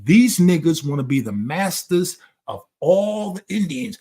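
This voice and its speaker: Man, fairly high voice, blunt, profane, lecturing, casual conversation. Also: lively intonation, brisk, dark tone. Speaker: channel host.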